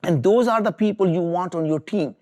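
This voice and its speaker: A man's voice: high voice, fairly quick, dark tone. Earnest man giving a motivational talk. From India. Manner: earnest, emphatic, repeats for stress. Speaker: entrepreneur speaker.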